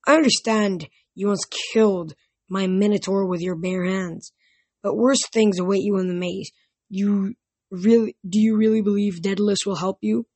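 A woman with a husky voice reading the lines of a smug, mocking male ghost king in an audiobook. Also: mid-range voice, steady tone, normal speed, a little mellow, natural voice.

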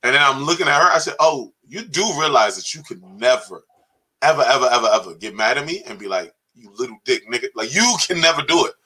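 A man's voice: medium pitch, lively intonation, fast talker, bright, forceful tone, slightly rough, low-quality recording. A man co-hosting a podcast, telling jokey stories in casual banter and laughing often. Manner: joking storyteller, drops into quoted voices, laughs often. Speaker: podcast co-host.

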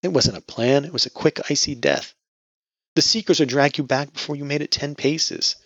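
A man's voice: on the high side, moderate pace, fairly bright tone, no echo, pitched above the performer's own voice. A man voicing a sheltered, anxious young woman who asks earnest, startled questions, on a dull lo-fi recording. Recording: dull lo-fi audio.

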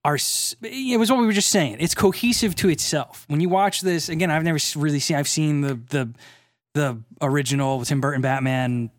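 A man co-hosting a casual movie podcast, joking and animated with quick asides. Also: fairly high pitch, no room sound, clean studio sound. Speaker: podcast co-host. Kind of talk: casual chat.

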